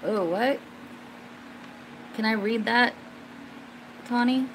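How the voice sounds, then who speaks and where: Slow-talking woman chatting casually. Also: fairly high pitch, a little hiss or hum, low-quality recording. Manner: rambling, with many fillers and restarts; gets suddenly excited and loud at times. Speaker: livestream host answering viewers. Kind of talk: casual chat.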